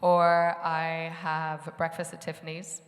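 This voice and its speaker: Low-voiced woman on a panel. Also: completely flat delivery, takes it slowly. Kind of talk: casual panel chat. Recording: echoey hall, live event.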